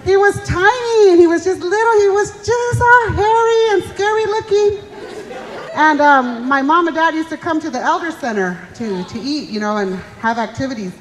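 A woman's voice: extremely high pitch, expressive, normal speed, some chatter behind. A middle-aged woman comedian telling chatty, self-mocking stories on stage and acting out the voices of the people in them. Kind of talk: live stand-up comedy. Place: stage at a community fundraiser show. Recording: live hall reverb.

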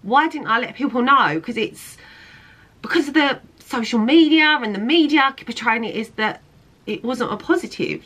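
Bright-toned chatty young woman. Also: fairly high pitch, lively intonation, moderate pace, low-quality recording. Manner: chatty, filler-heavy, with frequent "like" and restarts. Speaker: fittings model and vlogger. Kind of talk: casual talking-head vlog.

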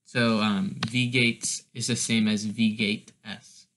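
Slow, halting young-sounding male tutor. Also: fairly low pitch, flat delivery, fairly bright tone, slight background noise. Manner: hesitant, many fillers; explains step by step. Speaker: language teacher. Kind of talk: casual language lesson.

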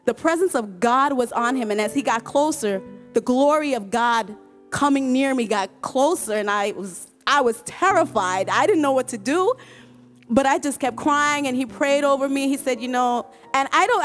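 A woman with a high, light voice tells her church testimony in an earnest, emotional way. She stumbles, repeats herself and laughs as she goes. Soft worship music plays faintly behind her. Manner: halting, repeats and restarts words, laughs often. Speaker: choir member giving a testimony. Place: church service.

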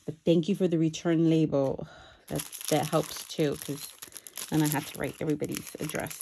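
A woman chatting excitedly while unboxing a craft swap package, with self-deprecating asides. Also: sits low, moderate pace, gravelly, background noise. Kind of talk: casual unboxing commentary. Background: paper crinkling and clicks.

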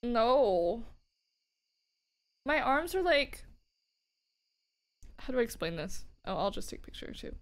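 A tired woman streaming a game and chatting casually with a friend, playful and teasing with quick laughs. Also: a little high, sing-song. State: tired, low energy. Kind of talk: casual gaming chat.

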